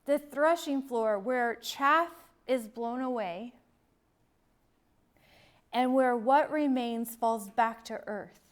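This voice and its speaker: A middle-aged woman teaching a Bible sermon, emphatic, swinging between loud declarations and hushed lines. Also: a little high, slow.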